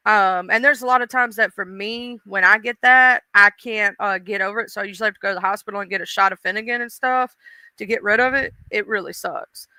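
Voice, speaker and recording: A woman's voice: mid-range voice, fairly quick, pushed and bright, clean tone, no room sound. A woman hosting a casual livestream, chatting emotionally and greeting viewers in chat by name. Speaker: livestream host.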